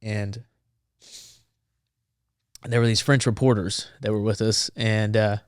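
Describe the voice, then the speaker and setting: A man's voice: lowish voice, little pitch movement, slow, clean tone, no echo, clean studio sound. A man, a former Marine, telling a story casually and animatedly on a podcast, acting out the dialogue.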